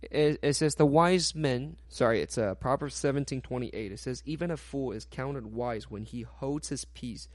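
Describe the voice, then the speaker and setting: A man delivers a sermon in plainly non-native English, his phrasing a little uneven. He slips into animated quoted voices to act out what people say. The sound is dry and close, with no room around it. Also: medium pitch, normal speed, dry recording. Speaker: pastor.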